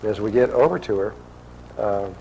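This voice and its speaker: A man's voice: lowish voice, fairly quick, gravelly, mellow, slight background noise, poor audio. A man telling a personal story to an audience in a loose, conversational way, acting out the dialogue. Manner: conversational, acts out quoted dialogue.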